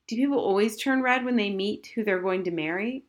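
A woman's voice: medium pitch, fairly quick, voice pushed up, lightly acted. A woman reading as an inquisitive eleven-year-old girl. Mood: curious. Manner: pestering, exasperated questions.

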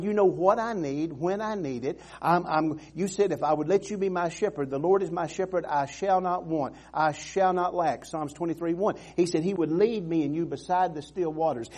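A man's voice: on the high side, dark tone, slightly rough. A man preaching a sermon in an earnest, emphatic way, repeating phrases and restarting sentences.

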